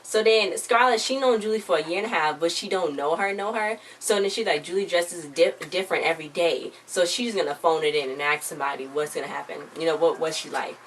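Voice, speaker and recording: A woman's voice: on the low side, fairly quick, hardly any pauses, distant mic, low-quality recording. A woman giving a casual, rambling recap of a TV episode, retelling scenes with lots of "she was like.". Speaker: TV show reviewer. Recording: voice a bit off-mic with faint background noise.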